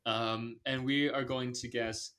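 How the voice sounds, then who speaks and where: A man's voice: medium pitch, level tone, takes it slowly, sharp tone. A man hosting a podcast, talking loosely with lots of fillers and giving blunt movie opinions. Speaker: podcast host. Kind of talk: casual movie review chat.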